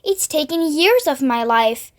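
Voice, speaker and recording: A woman's voice: high voice, expressive, a little slow. A woman voicing a timid, polite female ladybird in a storybook reading. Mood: anxious.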